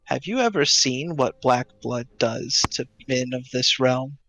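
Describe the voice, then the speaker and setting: A man's voice: mid-range voice, expressive, a little slow, fairly bright tone. A man voicing a callous, mocking male tree spirit that taunts and speaks in riddles. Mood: taunting. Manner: taunting, cryptic, laughs callously.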